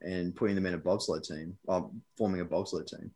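A man's voice: low-pitched, steady tone, fairly quick, darkish tone, a little hiss or hum. A man hosting a podcast, asking questions in a playful, jokey way. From Australia. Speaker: podcast host. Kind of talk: casual chat.

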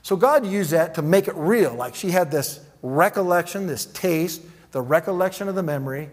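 A man preaching in a casual, animated storytelling way, acting out quoted dialogue. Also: high-pitched, moderate pace. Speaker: pastor. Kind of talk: sermon storytelling.

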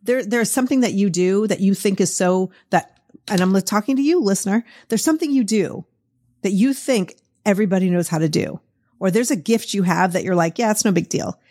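A woman's voice: medium pitch, fairly quick, warm tone. A middle-aged woman with a Boston accent hosts a podcast conversation. She talks in a chatty, encouraging way, with a voice in the middle of the usual range for a woman, and laughs easily. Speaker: podcast host. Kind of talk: casual interview chat.

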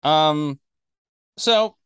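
A man co-hosting a casual podcast chat, animated, acting out characters he quotes. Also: a little high, very slow, clear, resonant tone, no echo, studio quality. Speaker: podcast co-host.

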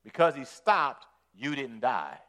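A man voicing a stern angel of judgment, speaking slowly and gravely. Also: mid-range voice, big pitch swings, sharp tone, voice pushed down, heavily acted. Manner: slow, grave, measured.

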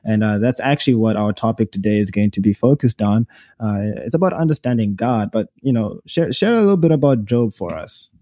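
A young man with a Zimbabwean accent talks earnestly on a faith podcast, often pausing on fillers and starting over. His voice sits low and mellow. The sound is dry and close. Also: expressive, no echo. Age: young adult. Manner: earnest, with frequent fillers and restarts. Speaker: podcast co-host. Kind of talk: casual faith podcast chat.

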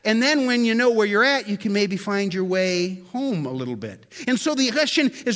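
A man's voice: very high voice, sing-song, a little fast, hardly any pauses, a bit bright. A man preaching a sermon in a conversational way, often asking the listeners questions and repeating words as he goes. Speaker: pastor.

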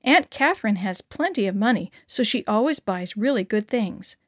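A woman voicing a gentle mother of six, who speaks in a soft, reassuring way in a children's story. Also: medium pitch, expressive, moderate pace, no echo, studio quality, close to an everyday voice.

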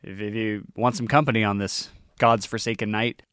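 A man's voice: lowish voice, steady tone, normal speed, a bit bright, clean tone, no room sound, studio quality, close to an everyday voice. A man voicing a paunchy, boyish young stable boy who stammers, apologizes and sounds eager for company in a tabletop game. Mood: flustered, friendly.

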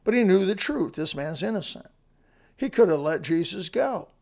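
A man's voice: sits high, expressive, normal speed, vocal fry, a little mellow. A man giving a short devotional sermon in a plainspoken, earnest way, with folksy asides. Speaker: radio devotional speaker.

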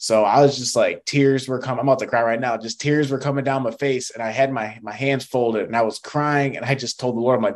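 A young man speaks earnestly as a podcast guest, recounting his story with feeling. His voice sits at an ordinary middle pitch, and he talks in loose, conversational sentences full of "like" and "um.". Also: fairly even intonation, fairly quick, few pauses. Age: young adult. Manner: earnest, emotional storytelling with fillers. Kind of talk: testimony in casual interview.

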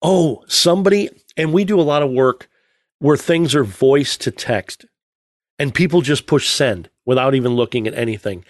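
A man's voice: mid-range voice, normal speed, dry recording, clean studio sound. A man co-hosting a car podcast, joking at his own expense and laughing often. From United States. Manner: jokey, self-mocking, laughs a lot. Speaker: podcast co-host. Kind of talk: casual chat. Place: podcast studio.

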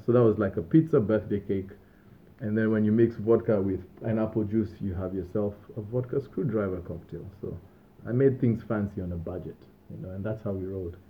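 A young man hosting a podcast, telling stories from his student days in a relaxed, rambling way with small laughs and restarts. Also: fairly low pitch. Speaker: podcast host. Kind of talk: casual storytelling monologue. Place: Australia. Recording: tinny phone-like sound.

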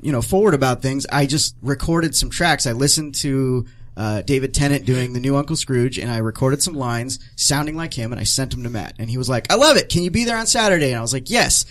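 A man in casual podcast chat, animatedly recounting an anecdote with quick restarts. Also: mid-range voice.

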